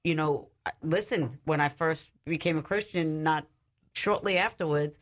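A woman with a somewhat low voice co-hosts a Christian talk show. She tells a personal story in a casual, chatty way and acts out the voices of the people in it. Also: a little slow. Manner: lively storyteller who acts out quoted voices. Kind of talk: casual chat, telling a personal testimony.

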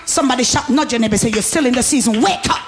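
High-voiced woman preaching with fervor. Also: very fast. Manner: exuberant, shouting, laughing, call-and-response. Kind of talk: sermon.

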